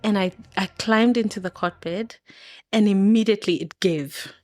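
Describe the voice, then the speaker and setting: With no room sound behind her, a woman in her thirties from Kenya speaks at a moderate pace in a mid-range, somewhat mellow voice. As a podcast guest she recounts a personal story with candor and feeling, laughing frequently and performing quoted voices.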